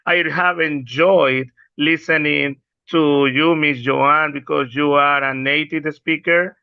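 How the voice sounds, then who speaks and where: Slow, smooth-voiced man on a call. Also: fairly high pitch, steady tone, dry recording, highs cut off. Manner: polite and measured. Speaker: class student. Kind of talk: casual chat in a class. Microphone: video call.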